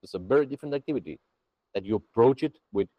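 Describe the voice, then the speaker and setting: Lively male Buddhist teacher, dry sound. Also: medium pitch, fast, no echo, lo-fi sound. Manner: lively, chatty, with many restarts. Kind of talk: dharma teaching to a group.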